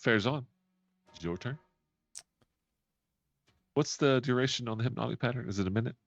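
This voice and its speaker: A man's voice: mid-range voice, a little fast, gravelly, dry recording. A man narrating a tabletop game as game master, laughing often as he describes the scene. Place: home, streamed live. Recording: dull lo-fi stream audio.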